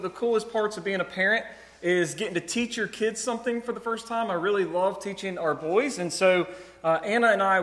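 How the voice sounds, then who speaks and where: A man's voice: sits high, fairly bright tone. A man in his thirties preaching a sermon as a pastor, telling stories in a conversational way with light, self-amused laughter. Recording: long reverb of a large hall.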